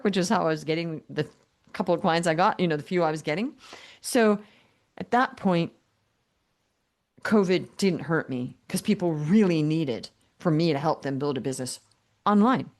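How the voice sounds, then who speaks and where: An older woman with a fairly low voice tells her story in an interview. She talks in a lively, humorous way and acts out quoted conversations in different voices. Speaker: guest business coach.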